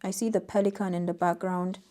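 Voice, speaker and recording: Mellow-voiced woman giving a tarot reading. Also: on the low side, level tone, a little fast. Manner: soft-spoken, reads oracle card text aloud with gentle emphasis. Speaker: tarot reader. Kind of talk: intuitive tarot reading to camera.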